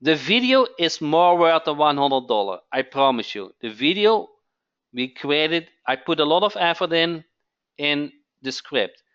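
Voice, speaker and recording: A man hosting a live webinar sales pitch, who keeps asking "okay?" and repeats his phrases. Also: very animated, a little slow, fairly bright tone, dull audio. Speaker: webinar host.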